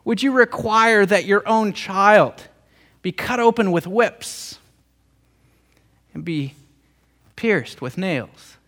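A male pastor preaches a heartfelt storytelling sermon, often restarting with doubled words. His voice is bright and forward, pitched a touch high for a man. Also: animated, takes it slowly, pauses often. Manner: emotional, repeats words in restarts. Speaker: pastor and theologian.

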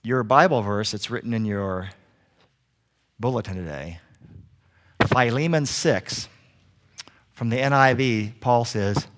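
A man preaching a sermon as a guest preacher, telling animated stories and joking with the congregation. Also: medium pitch, slow, long pauses. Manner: animated storytelling, acts out little scenes; jokey with the congregation.

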